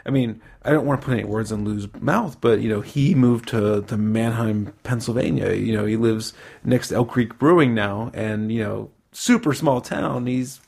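A man with a gravelly, creaky voice at a mid pitch, hosting a relaxed chat. He rambles, stops to correct himself and laughs easily. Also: normal speed. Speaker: podcast host. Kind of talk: casual chat.

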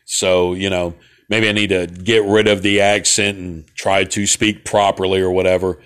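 A man's voice: low voice, flat delivery, normal speed, fairly bright tone, clear, resonant tone. A man in his forties with a central Alabama Southern accent, talking in a casual, rambling monologue as host of his own broadcast, folksy and digressive. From Southern United States. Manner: laid-back, folksy, digressive with many fillers.

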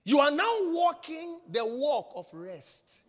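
A man preaching a sermon with emphatic repetition, swinging from loud shouts down to hushed whispers. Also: very high voice, big pitch swings, slow pace, big-room sound.

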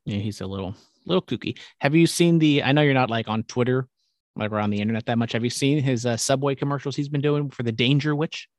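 A young man talks through football picks on a casual podcast, rambling and dropping swear words. His voice sits at an ordinary pitch. The sound is dry and close, with no room around it. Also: dry recording. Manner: rambling, profane, quick asides. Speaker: podcast host. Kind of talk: casual sports chat.

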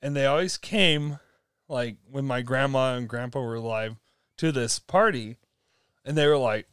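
A man's voice: medium pitch, moderate pace, clear, resonant tone, no room sound, studio quality. A young man casually telling a long story, laughing often and acting out the people in it. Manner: animated storytelling with laughs and acted-out quotes. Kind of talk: casual chat.

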